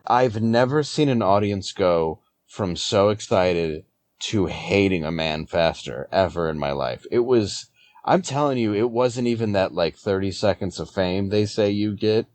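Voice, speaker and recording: Deep-voiced man telling a story. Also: a little slow. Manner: animated anecdote-teller, acts out other people. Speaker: comedian guest. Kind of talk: conversational storytelling.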